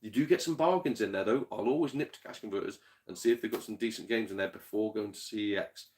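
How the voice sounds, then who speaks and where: Guy streaming to chat, rambles and swears a lot, lowish voice, gets ranty. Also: darkish tone, a little hiss or hum. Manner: rambling, swears freely, chuckles, quick to rant. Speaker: game collector streamer. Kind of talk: casual livestream chat with viewers.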